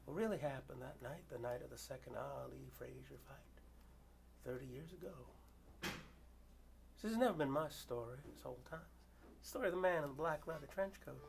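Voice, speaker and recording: An older man performing a story poem dramatically, swinging from loud outbursts to hushed whispers. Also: mid-range voice, a little fast, vocal fry, long pauses, background noise.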